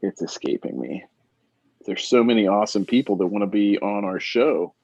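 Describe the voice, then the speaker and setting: A man co-hosting a comics podcast, talking casually and excitably, with lots of fillers and easy laughs. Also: on the low side, normal speed, no room sound. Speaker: podcast co-host. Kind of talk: casual chat. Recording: dull dry lo-fi sound.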